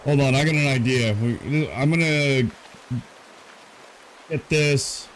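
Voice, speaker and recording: A man casually commenting on his own gameplay for a live stream, thinking aloud, yawning and drowsy in a warm room at home. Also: medium pitch, normal speed, a little hiss or hum. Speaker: gaming streamer.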